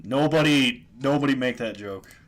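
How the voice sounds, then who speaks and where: A man talks casually over his card game stream, cracking jokes and chuckling often. His voice is mid-pitched but very lively, rising and falling freely as he reacts to each play. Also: measured pace, soft background music. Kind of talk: casual gameplay commentary.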